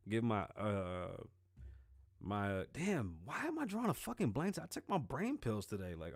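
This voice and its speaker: A man's voice: medium pitch, no echo, clean studio sound. Profane, rambling male show host. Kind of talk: casual solo commentary.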